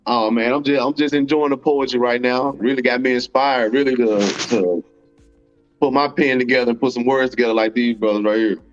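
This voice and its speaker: A man's voice: mid-range voice, steady tone, fairly quick, soft background music. A man greeting the others and speaking as a guest in laid-back, enthusiastic slang. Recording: dull lo-fi call audio.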